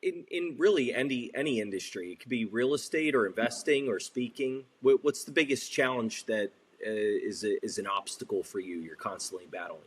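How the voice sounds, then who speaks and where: Husky-voiced male interview host. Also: medium pitch, brisk, hardly any pauses. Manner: relaxed, asks questions conversationally. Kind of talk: casual interview questions.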